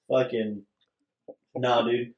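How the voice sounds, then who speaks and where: A man's voice: medium pitch, flat delivery, drawn-out words, a little mellow, lo-fi sound. A man in a casual podcast chat, teasing his friend with jokes. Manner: teasing, joking. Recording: roomy echo.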